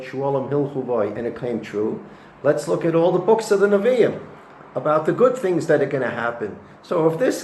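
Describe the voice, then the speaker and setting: A man's voice: a little high, a little mellow. A man, a rabbi, gives a weekly Torah lesson, telling the stories with animation and dropping Hebrew and Yiddish terms. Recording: echoey room with faint noise.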